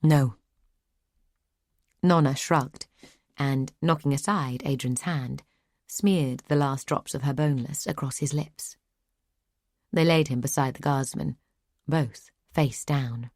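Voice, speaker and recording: A woman narrating a fantasy audiobook in a measured, even storytelling manner. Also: extremely low pitch, no room sound, clean studio sound. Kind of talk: scripted narration.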